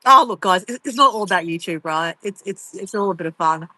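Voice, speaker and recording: Bright-voiced Australian woman, chatty vlogger. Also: mid-range voice, animated, fairly quick, no echo. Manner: rambling, chatty, laughs often, teasing. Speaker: vlogger reading viewer comments. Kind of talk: casual live chat.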